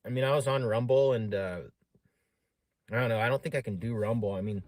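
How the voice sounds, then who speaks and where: A man's voice: medium pitch, fairly quick, darkish tone, dry recording. A man casually telling a long story on a live stream, rambling with many fillers and frequent swearing.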